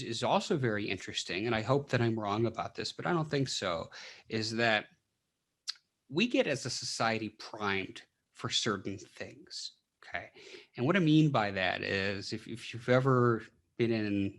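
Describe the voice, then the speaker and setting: A man's voice: on the low side, a bit bright. Man explaining with rhetorical questions. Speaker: podcast guest, clinical psychologist. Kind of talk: casual interview talk.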